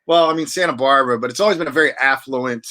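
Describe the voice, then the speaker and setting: Speaking fast in a mid-range, pushed, bright voice, a man who is a wine auctioneer and interview guest wanders through his stories casually, restarting often and leaning on fillers.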